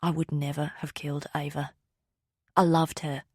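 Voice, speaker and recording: Nervous middle-aged man, low and subdued, voiced by a female narrator, dry close audio. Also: flat delivery, moderate pace, darkish tone, no room sound.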